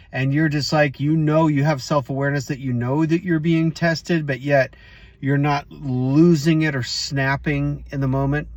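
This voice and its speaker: A man's voice: a little high, no room sound. Casual storytelling male host. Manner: casual, storytelling, addresses viewers directly. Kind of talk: motivational vlog talk.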